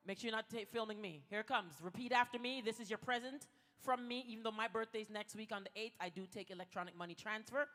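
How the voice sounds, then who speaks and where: A woman's voice: fairly high pitch, fast talker, hardly any pauses, a bit bright. A woman giving a playful motivational speech at a gala and leading the audience through spoken mantras. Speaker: gala speaker. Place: large event hall. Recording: echoey hall with music.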